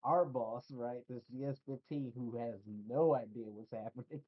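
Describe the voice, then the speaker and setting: Streamer, male, casual profane storyteller; slightly hoarse, muffled low-fi recording. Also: normal speed. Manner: profane, storytelling, laughs often. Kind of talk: casual chat.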